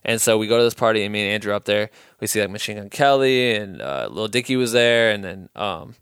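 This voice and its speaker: A man's voice: on the low side, a little fast, clean tone, dry recording, clean studio sound. A young man from Iowa hosting a podcast, telling stories in a rambling, profane, casual way. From Iowa, USA. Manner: profane, rambling, loose and animated. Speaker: podcast host. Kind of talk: casual storytelling monologue.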